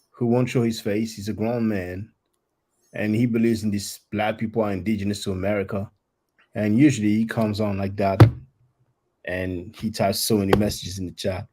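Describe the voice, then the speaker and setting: A man's voice: lowish voice, warm tone. A man hosting a live stream, talking bluntly and mockingly, confronting callers. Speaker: livestream host. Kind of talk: live stream talk with guests.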